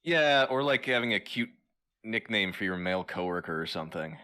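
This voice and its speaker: A man's voice: fairly low pitch, expressive, brisk, bright, forceful tone. A man co-hosting a podcast who laughs easily and talks with many fillers and restarts. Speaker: podcast co-host. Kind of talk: casual comedic chat.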